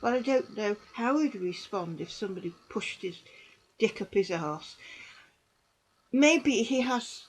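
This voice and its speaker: A middle-aged woman gives earnest personal testimony to camera, halting and repeating herself. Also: medium pitch, expressive, husky, poor audio. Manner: halting and repetitive, with restarts; earnest and emotional, with bitter dark humour. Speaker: survivor giving testimony.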